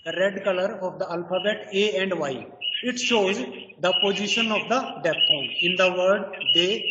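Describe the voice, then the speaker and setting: A woman lectures slowly, hesitating often and leaning on fillers as she explains each point. Her voice sits well back from the mic in a roomy, echoing space. The recording sounds dull and muffled, with loud noise underneath. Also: mid-range voice, recorded from a distance. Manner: hesitant, many pauses and "you can say" fillers. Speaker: teacher.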